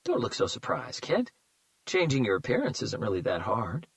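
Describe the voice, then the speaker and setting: A man's voice: medium pitch, huge pitch swings, normal speed, no room sound. A man voicing a cold, menacing male kidnapper with a throaty, firm voice, in an audiobook. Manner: threatening, clipped.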